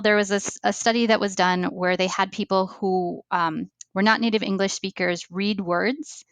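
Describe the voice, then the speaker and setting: A woman's voice: mid-range voice, a bit bright, no room sound. A middle-aged woman from the United States, a language trainer explaining teaching ideas in a podcast interview, thoughtful, with many fillers and restarts. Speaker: ESL training coordinator, guest.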